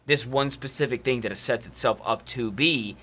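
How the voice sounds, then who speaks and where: Bright, animated male podcast host. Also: mid-range voice, normal speed, slight background noise. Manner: animated, swearing, rambling opinions. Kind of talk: casual chat.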